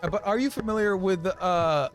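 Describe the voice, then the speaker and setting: Young man, rambling casual chat, slightly high-pitched, faint music behind, game streamer. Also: brisk. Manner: rambling, restarts, laughs often. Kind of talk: casual chat while gaming.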